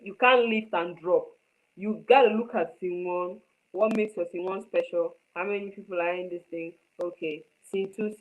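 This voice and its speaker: On phone-quality audio, a woman with a fairly low voice runs a live online screenwriting lesson. Her manner is emphatic: she repeats key points and often asks if the students understand.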